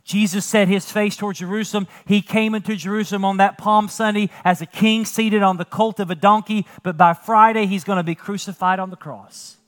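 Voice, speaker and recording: A male pastor preaching a sermon in a church, moving from quiet storytelling to loud emphatic preaching. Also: sits high, steady tone, a little fast, few pauses. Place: church sanctuary.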